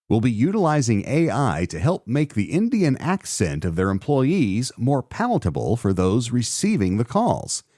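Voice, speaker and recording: A man's voice: on the low side, darkish tone, dry recording, clean studio sound. A man hosting a solo podcast in a chatty way, often stopping himself mid-sentence and reading news articles aloud. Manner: chatty, self-interrupting with fillers and restarts. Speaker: podcast host.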